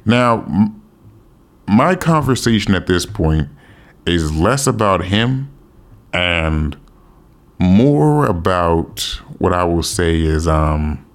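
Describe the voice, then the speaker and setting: A man's voice: sits low, lively intonation, slow. A man from the United States giving a casual, rambling opinion monologue, often correcting himself and swearing offhandedly. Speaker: commentator.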